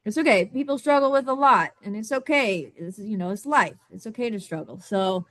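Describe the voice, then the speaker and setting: A woman's voice: mid-range voice, fairly bright tone, no room sound. Woman telling a candid personal story. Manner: halting, repeats words, many fillers and restarts. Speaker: summit guest speaker. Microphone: video call.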